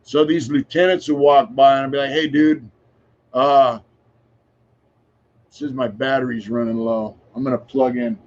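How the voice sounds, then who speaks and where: A man's voice: mid-range voice, steady tone, normal speed, long pauses, a little mellow. A man around sixty speaks as a podcast guest. His voice sits in a middle register, and he talks casually, frankly and at length, with frequent filler phrases and some swearing. The recording sounds dull and a little muffled. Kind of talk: casual conversational storytelling.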